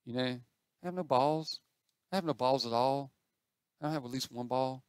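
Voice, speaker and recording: A man's voice: mid-range voice, moderate pace, pauses often, clean tone, dry recording, clean studio sound. A man giving chatty, self-mocking commentary as he plays an online game, talking to the other players on screen. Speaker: gaming channel host. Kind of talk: casual gameplay commentary.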